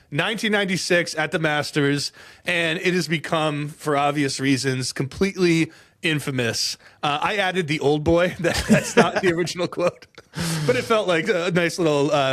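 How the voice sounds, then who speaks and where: Animated, fairly high-voiced male podcast co-host. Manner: animated storytelling, laughs often, jokey dramatic flourishes. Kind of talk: casual golf history chat.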